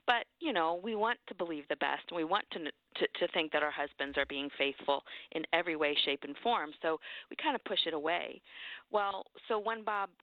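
A woman's voice: deep voice, animated, brisk, no room sound. A woman author speaking as a radio guest, earnest and confiding. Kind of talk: interview on a phone line. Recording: tinny phone line.

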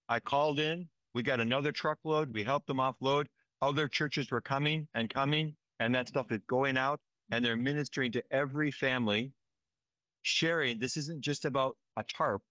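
A man's voice: mid-range voice, normal speed, pushed and bright, dry recording. A man telling of relief work in an earnest, emotional way, often checking in with "right?". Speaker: disaster relief worker. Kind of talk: conversational field report.

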